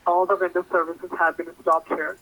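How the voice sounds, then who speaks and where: Guy on a tinny phone line doing a pushy tech support script, high bright voice, broken english. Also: level tone, brisk, no room sound. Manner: insistent, broken English phrasing. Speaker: fake tech support caller. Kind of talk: scripted sales pitch over the phone.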